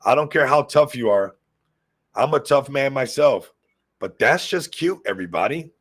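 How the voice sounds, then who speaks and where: A man hosting a casual crypto livestream, excitable and hyped, constantly talking to his viewers while a little sick. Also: medium pitch, moderate pace, breathy edge.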